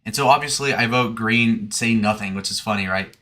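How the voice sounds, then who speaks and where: Fields: Sex: man. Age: 20s. Tone: bright, forceful. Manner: provocative. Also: on the low side, brisk. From Michigan. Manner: provocative, sarcastic, meandering. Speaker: streamer. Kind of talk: casual rambling monologue.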